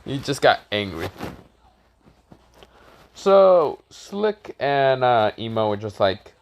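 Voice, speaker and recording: A man casually improvising a fan-fiction story, rambling with self-corrections, swearing, and high shouted voices for characters. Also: big pitch swings, slow pace, long pauses.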